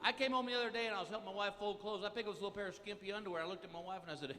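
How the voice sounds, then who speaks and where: A middle-aged man doing a live stand-up routine, telling exasperated family stories broken by high yelping outbursts. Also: racing, few pauses, background noise. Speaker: stand-up comedian. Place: large theater stage before a live audience. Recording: echoey hall, loud audience laughter. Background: loud crowd laughter and applause.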